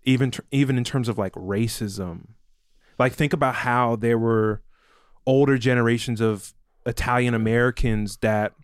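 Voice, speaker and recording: A male podcast co-host in casual chat, mid-pitched, rambling and animated. He acts out quoted people by pushing his voice up. The sound is close and dry, with no room echo. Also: moderate pace, clean tone. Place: New York City studio.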